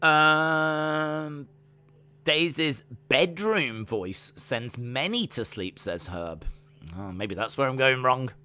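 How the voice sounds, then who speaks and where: A man's voice: medium pitch, slow pace, bright, forceful tone, clean tone, faint music behind. A man with an English accent casually chatting on a live stream, reading out viewer comments in a rambling, self-deprecating way. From England. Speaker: wrestling watch-along streamer.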